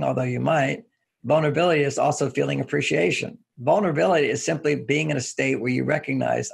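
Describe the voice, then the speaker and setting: A man's voice: mid-range voice, brisk, vocal fry, breathy edge. A man talking as a guest in an interview, explaining his ideas through homely anecdotes and chuckling as he goes. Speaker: relationship author and guest. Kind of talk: relaxed interview talk.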